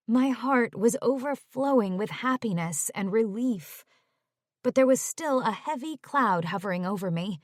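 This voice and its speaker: A woman's voice: a little high, lively intonation, measured pace, no echo, clean studio sound. Woman reading a romance audiobook. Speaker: audiobook narrator. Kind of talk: first-person romance audiobook narration.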